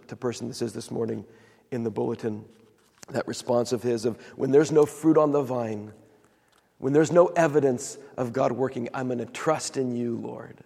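A man preaching a sermon as pastor, telling a Bible story with animated retellings of the quoted voices. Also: mid-range voice, gravelly, breathy edge, long reverb tail.

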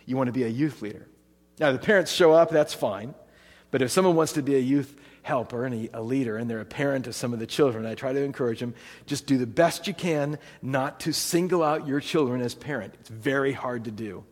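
A man's voice: mid-range voice, a little fast. A middle-aged man giving a conversational sermon as a pastor, often asking his audience rhetorical questions. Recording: long hall reverb.

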